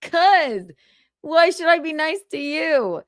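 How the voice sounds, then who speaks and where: A woman's voice: sits high, lively intonation, slow, no echo, studio quality. A woman hosting a livestream, arguing heatedly with a guest in a sarcastic, mocking, combative way. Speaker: livestream host.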